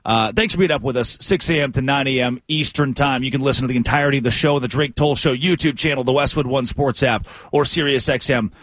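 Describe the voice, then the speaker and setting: A man's voice: mid-range voice, quick pace, few pauses, a bit bright, dry recording, clean studio sound. A man hosting a morning sports talk radio show with a brash, hyped-up delivery.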